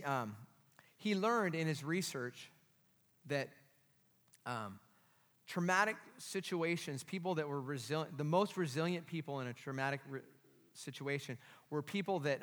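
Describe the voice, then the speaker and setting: High, bright-voiced preacher in a reverberant hall. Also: male voice, animated, unhurried, long pauses. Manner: emphatic preaching, with tag questions to the congregation. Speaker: pastor. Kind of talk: sermon. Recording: long reverb of a large hall.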